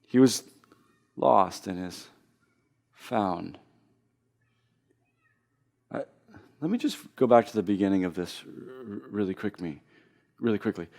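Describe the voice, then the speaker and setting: A man preaching a sermon as pastor, earnest, often repeating and restarting phrases as he builds to loud emphasis. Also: lowish voice, lively intonation, unhurried, creaky, pauses often.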